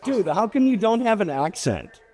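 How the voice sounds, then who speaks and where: Cooking show host guy, pretty high voice, hyped, echoey kitchen with long reverb. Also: sing-song, moderate pace, a little mellow, soft background music. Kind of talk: casual show hosting. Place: kitchen set.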